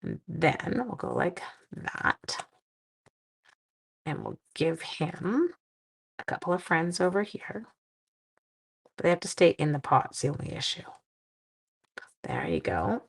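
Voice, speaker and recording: A middle-aged woman from Canada chats playfully through a card-making livestream, her low voice gravelly and a little husky. She sounds tired but keeps talking to her viewers as she works. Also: lively intonation, measured pace, pauses often. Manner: playful, chatty, talks to viewers while working. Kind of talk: casual crafting livestream chat.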